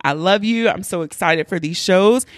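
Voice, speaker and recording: Her voice is lowish and her speed normal as she chats through a casual solo podcast intro, candid and profane throughout. The woman hosting is recorded with clean studio sound and no room sound.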